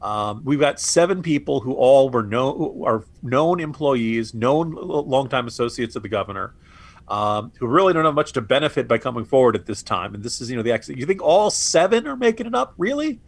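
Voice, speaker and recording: A man's voice: mid-range voice, normal speed. Sarcastic, stammering male podcast co-host. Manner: exasperated, sarcastic, stammers and restarts. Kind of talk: political podcast commentary.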